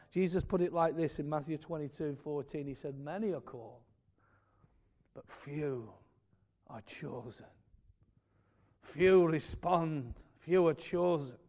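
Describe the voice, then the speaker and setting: A man preaching a fervent sermon in a church, swelling to loud emphatic peaks and dropping to quiet asides. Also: a little high. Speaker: pastor.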